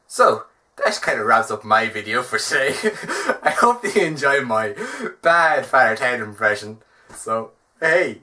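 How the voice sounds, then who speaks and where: A man's voice: medium pitch, big pitch swings, measured pace, pushed and bright. A man with an Irish accent giving a wry, self-mocking comic vlog monologue. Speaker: vlogger.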